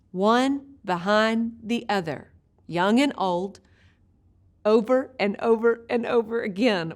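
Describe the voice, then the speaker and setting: A woman teaching a video Bible study, an expressive storyteller who slows down for vivid images. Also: a little high.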